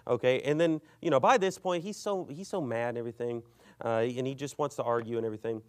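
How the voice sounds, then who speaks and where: A man preaching a sermon, telling an argument story with lively acted-out quotes and reading scripture aloud. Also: medium pitch, fast. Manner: animated storytelling, acts out both sides of an argument; reads scripture aloud in King James wording. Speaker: pastor.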